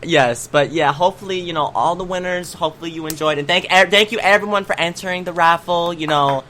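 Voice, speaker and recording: A man's voice: a little high, quick pace, bright, forceful tone, a little hiss or hum. Chatty man on a casual podcast. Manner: chatty, rambling, many fillers and restarts. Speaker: podcast co-host.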